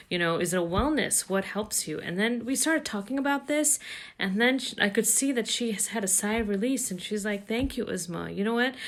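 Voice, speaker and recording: Middle-aged woman life coach, casual chatty advice to camera, slightly low voice, lots of "you know". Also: fairly bright tone. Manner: conversational, retells dialogue, many fillers. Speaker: coach for mothers.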